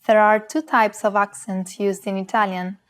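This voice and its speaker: A woman co-hosting a scripted language lesson, saying example words slowly and clearly. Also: medium pitch, level tone.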